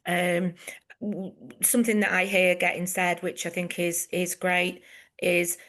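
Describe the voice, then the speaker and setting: Woman host, enthusiastic, quick to laugh, gravelly texture. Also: lowish voice, little pitch movement, a bit bright. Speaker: host from the association. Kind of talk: casual professional conversation.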